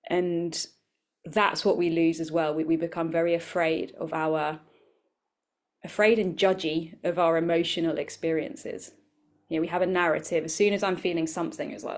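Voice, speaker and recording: A woman, a wellbeing coach, speaking as a guest in a conversational interview, reflective and animated, acting out little quoted voices. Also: on the low side, moderate pace.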